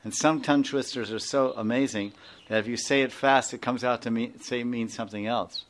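A man's voice: mid-range voice, fairly even intonation, brisk. A man with an Indian accent, a spiritual teacher giving an informal class, rambling, chuckling and often asking his listeners to confirm.

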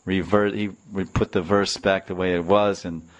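A man's voice: low-pitched, flat delivery, moderate pace. A man telling a devotional story in a rambling way, restarting and repeating phrases.

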